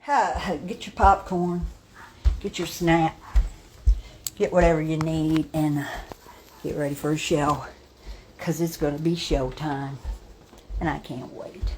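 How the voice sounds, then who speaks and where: A woman's voice: sits low, steady tone, measured pace, long pauses, a little hiss or hum. Blunt, chatty older woman from New York. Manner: chatty and blunt, talking to viewers by name. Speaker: vlogger. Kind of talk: casual home tour vlog. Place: her house and front yard, in and out of doors.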